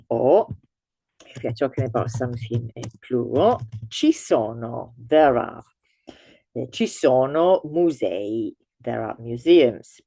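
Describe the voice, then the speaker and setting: A woman teaching an online language lesson, explaining slowly with many fillers and restarts, and exaggerating intonation for learners. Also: a bass voice, gravelly, dark tone, slightly rough, dry recording.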